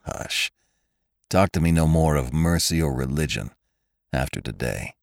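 A man's voice: extremely low pitch, animated, measured pace, vocal fry, dry recording, studio quality, heavily acted. A man voicing a bitter, hot-blooded young cowboy who speaks in clipped, intense phrases.

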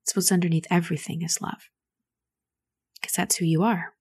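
A woman hosting a show and coaching a caller through grief in a soft, soothing, nurturing way. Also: on the low side, steady tone, normal speed, slightly rough, no echo. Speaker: host giving advice to a caller. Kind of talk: gentle coaching on a call.

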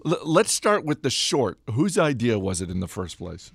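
A man hosting a podcast, leading a relaxed conversational interview and telling stories with acted-out quotes. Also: medium pitch, unhurried, vocal fry, breathy edge, no room sound, studio quality. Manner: relaxed storyteller who acts out quoted voices. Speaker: podcast host.

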